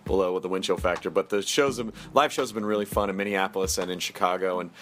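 Recorded in a New York studio with slight background noise, this man in his thirties hosts a podcast in a deep, fairly bright voice, talking fast. His casual chat and ad reads come across as rambling and full of jokes.

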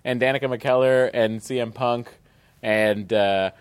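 A man's voice: medium pitch, fairly even intonation, measured pace, smooth. A man co-hosting a podcast, telling stories in a casual, jokey way and swearing freely. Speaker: podcast co-host.

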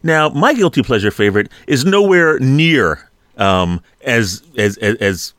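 A man's voice: medium pitch, lively intonation, measured pace, fairly bright tone, no echo, studio quality. A man hosting a casual film review chat, rambling and hesitant with frequent fillers. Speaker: podcast host.

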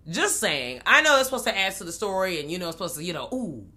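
A woman's voice: lowish voice, very animated, fast talker, pushed and bright. A woman co-hosting a podcast, chiming in with laid-back quips and musings during a casual film chat. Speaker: podcast co-host.

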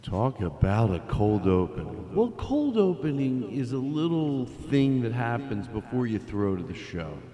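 A man's voice: medium pitch, big pitch swings, unhurried, few pauses, warm tone. A man hosting a comedy podcast, chatting casually and trailing off with fillers as he sets up a song. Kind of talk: casual storytelling. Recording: roomy with long reverb.

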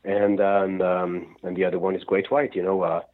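A man, a rock singer, telling stories in a rambling, animated way during an interview. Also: low voice, moderate pace. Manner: rambling, animated storytelling with restarts. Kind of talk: phone interview. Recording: tinny phone line.

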